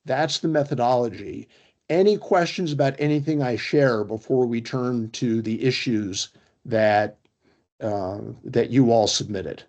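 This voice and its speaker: Brisk man presenting on a video call. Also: mid-range voice, darkish tone. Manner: brisk, storytelling, with fillers. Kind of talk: online workshop talk.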